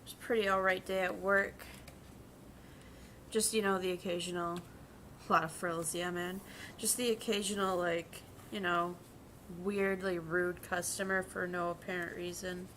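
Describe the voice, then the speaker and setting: A woman's voice: on the low side, level tone, moderate pace, a bit bright, slight background noise. A young woman vtuber chatting casually while drawing, telling profane, rambling work stories and quoting people in put-on voices. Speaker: vtuber streamer and bank teller.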